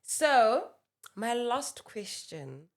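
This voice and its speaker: A woman's voice: a little high, sing-song, drawn-out words. A woman hosting a podcast interview, attentive and affirming. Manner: attentive, affirming, frequent murmurs of agreement. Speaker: podcast host.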